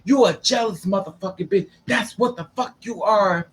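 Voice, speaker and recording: A man's voice: moderate pace, lightly acted. A man voicing a furious young woman who hurls curses and threats in a story he is telling. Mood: enraged. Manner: shrill, cursing, threatening.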